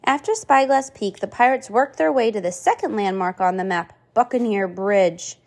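A woman's voice: medium pitch, moderate pace. A mother reading a children's picture book aloud to her young child, stopping to chat with the child about the pages. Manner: animated, chatting with her child between pages.

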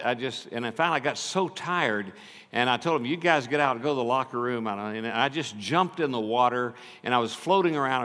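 Older preacher in a reverberant hall. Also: male voice, mid-range voice. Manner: storytelling preacher, swings from loud to hushed. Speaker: pastor. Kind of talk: sermon. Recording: long reverb of a large hall.

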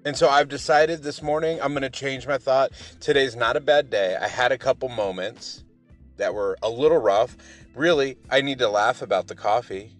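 A man's voice: medium pitch, normal speed. A man hosting his morning podcast, talking casually in an upbeat, rambling, motivational way over faint music. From Pacific Northwest. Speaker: podcast host.

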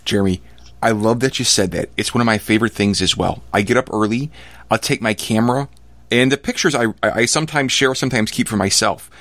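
A man's voice: lowish voice, fast, fairly bright tone, dry recording. A man hosting a podcast interview, chatting casually and agreeing enthusiastically with his guest. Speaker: podcast host.

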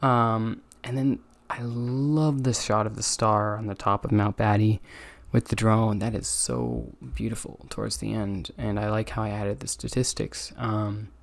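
In a gravelly, lowish voice that moves a little slowly, a weary young host rambles through his own casual podcast review. He yawns, says um a lot, and criticizes himself, with no room sound in the recording.

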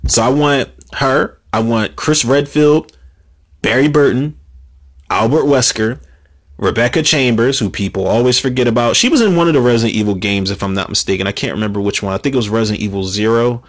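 A man talking alone on his own show in a loose, rambling way. He stammers and restarts often and swears freely. His voice sits at an ordinary middle pitch. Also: a little fast. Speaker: podcast host. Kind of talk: casual solo commentary.

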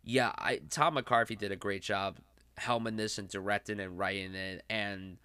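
A man's voice: lowish voice, fairly even intonation, normal speed, bright, forceful tone, clean tone, no echo. A man hosting a casual film podcast, talking enthusiastically in loose, rambling sentences. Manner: enthusiastic, talks in loose run-on sentences with fillers. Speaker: podcast host.

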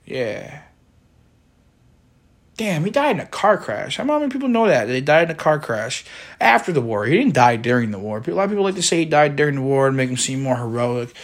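Profane rambling man with lively pitch. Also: brisk. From Chicago area. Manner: profane, rambling, wry jokes, rants. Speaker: solo podcast host. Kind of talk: casual rambling monologue.

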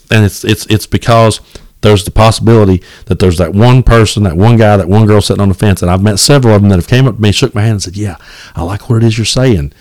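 A man hosting a solo podcast, talking in a blunt, fired-up and profane way, often repeating words as he restarts. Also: medium pitch. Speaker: podcast host.

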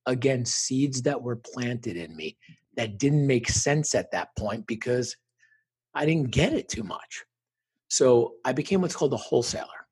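Husky middle-aged man, earnest and reflective. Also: medium pitch, normal speed. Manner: earnest, reflective, animated when quoting others. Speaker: guest. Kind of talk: conversational interview storytelling.

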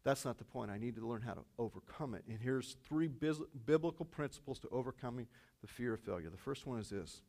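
A male pastor preaching a sermon in an animated way, acting out dialogue and often restarting his sentences. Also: medium pitch, a little fast.

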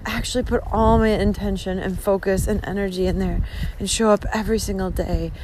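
A woman's voice: mid-range voice, steady tone, brisk, darkish tone, a little hiss or hum, poor audio. A woman in her thirties vlogging outdoors on a hike, talking effusively with lots of swearing and fillers, recorded on a handheld phone. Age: 30s. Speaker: vlogger on a long-distance hike. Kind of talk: casual spoken vlog monologue. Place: outdoors on a coastal hillside at dusk.

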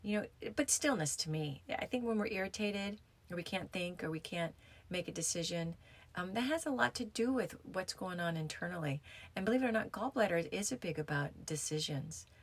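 A woman's voice: on the low side, animated, moderate pace. A woman yoga teacher talking in a casual, rambling way, with frequent restarts and fillers. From United States. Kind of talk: casual reflective talk.

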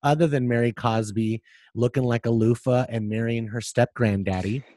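Casting note: male podcast host, mid pitch, animated storyteller, joking and profane, dry close sound. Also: moderate pace, no echo. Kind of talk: casual pop culture chat.

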